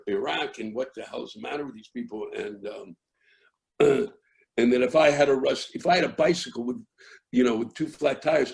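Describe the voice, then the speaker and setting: An older American man, a comedian, tells a rambling story that keeps restarting and builds into yelling. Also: medium pitch, vocal fry, poor audio. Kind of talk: storytelling interview.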